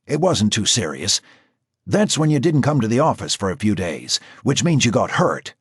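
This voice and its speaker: Voiced by a man, a gruff police boss scolds with sarcasm, in a husky, lowish voice that rises sharply when he is irritated. The sound is close and dry. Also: sing-song, moderate pace, dry recording, full character voice. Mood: scolding. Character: worried, gruff male police supervisor. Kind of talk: audiobook character voice.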